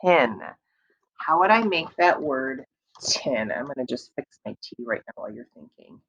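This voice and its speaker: A woman teacher giving a slow, patient early reading lesson to young children, repeating words and stretching out sounds to encourage them. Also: rumbling low, lively intonation, creaky, fairly bright tone, breathy edge, dull audio.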